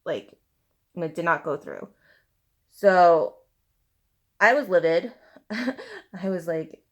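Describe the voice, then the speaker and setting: A woman's voice: fairly low pitch, takes it slowly, long pauses. A woman in her thirties ranting casually about a shopping letdown while applying makeup, talking in a loose stream full of fillers. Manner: animated venting, heavy use of fillers like "you know" and "like". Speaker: beauty vlogger. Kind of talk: casual ranting get-ready-with-me chat.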